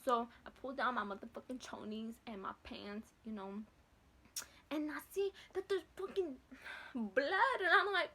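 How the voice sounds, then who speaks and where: Young woman, high voice, casual vlog storytelling, slangy, cursing constantly, animated. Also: a little slow, husky. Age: late teens to early 20s. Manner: profane, slangy, animated retelling. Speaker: vlogger.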